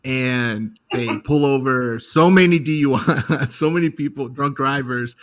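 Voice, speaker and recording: Bright-voiced joking man. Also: medium pitch, measured pace. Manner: jokey, teasing. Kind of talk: casual podcast chat.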